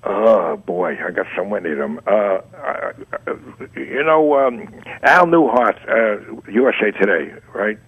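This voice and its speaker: A man's voice: on the low side, animated, unhurried, slightly rough. An older man being interviewed, telling long anecdotes full of restarts and acted-out quotes, heard on a dull, lo-fi radio recording. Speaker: guest, advertising art director. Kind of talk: storytelling interview answers.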